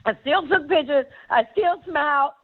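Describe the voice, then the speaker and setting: Middle-aged woman telling it straight in an interview, high voice, swears a lot, sounds thin like over a phone. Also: moderate pace, narrow, tinny audio. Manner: blunt, profane, emphatic. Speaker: interview guest. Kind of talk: candid storytelling.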